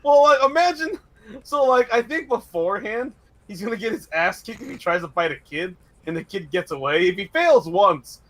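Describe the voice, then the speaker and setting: A man hosting a loose comedic chat, spinning absurd stories and laughing often. His voice sits high and swings widely, with a bright edge. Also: moderate pace. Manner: animated storytelling, frequent laughter. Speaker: host.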